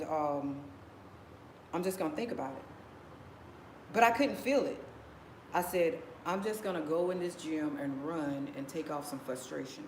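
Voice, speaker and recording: A woman vlogger telling a personal story in a rambling way, repeating phrases as she goes. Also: low-pitched. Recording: echoey room with background noise.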